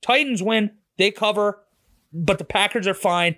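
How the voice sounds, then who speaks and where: A man's voice: sits high, unhurried, pushed and bright. A man from Pittsburgh with a Pittsburgh accent, a podcast host giving blunt, opinionated football picks and swearing freely. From Pittsburgh, USA. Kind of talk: casual sports betting commentary.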